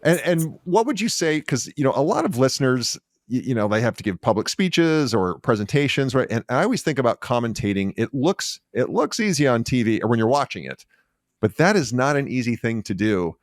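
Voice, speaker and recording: A man's voice: medium pitch, sing-song, fairly quick, no echo. Male interviewer, supportive, long-winded questions, dry close-miked sound. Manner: thoughtful, affirming, rambling questions. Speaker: podcast host.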